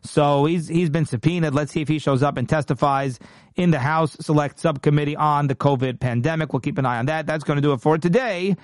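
A man's voice: on the high side, fairly quick, no echo, clean studio sound. A man hosting a political commentary show, talking emphatically and indignantly and often restarting his sentences.

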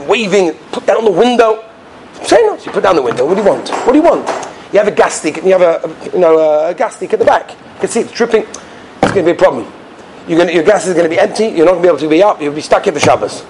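Lively, high-pitched male preacher. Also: quick pace, background noise. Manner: animated, acts out characters in his stories with sudden high outbursts. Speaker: rabbi giving a talk. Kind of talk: sermon with storytelling.

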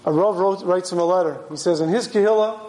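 A man's voice: high voice, quick pace, reverberant, a little hiss or hum, poor audio. A man who sounds like a rabbi, giving a sermon and telling stories with animation. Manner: animated storyteller acting out voices. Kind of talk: sermon with storytelling.

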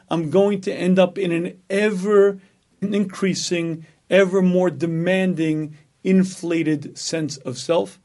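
A rabbi giving a Torah lecture, speaking emphatically, asking rhetorical questions and repeating phrases for effect. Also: male voice, high-pitched, fairly even intonation, takes it slowly, darkish tone. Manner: acts out an inner voice in dialogue.

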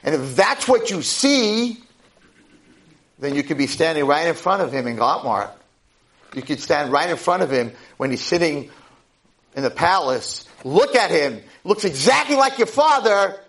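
A man, a rabbi, giving a Torah lecture with animated storytelling and acted-out voices. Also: fairly high pitch, measured pace, rough recording. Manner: animated, acts out voices in stories. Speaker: rabbi and high school head.

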